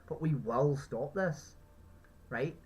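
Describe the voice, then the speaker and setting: A man's voice: mid-range voice, slow pace, poor audio. A man with an Irish accent, a street activist talking someone round, emphatic and profane, who keeps asking "right?". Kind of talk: persuasive street conversation.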